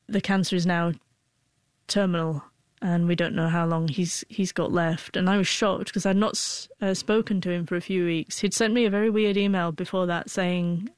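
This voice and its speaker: A woman's voice: on the low side, steady tone, moderate pace, smooth, no echo. A woman in her forties, an interview guest who stutters, with frequent broken-off sounds and restarts as she tells a personal story.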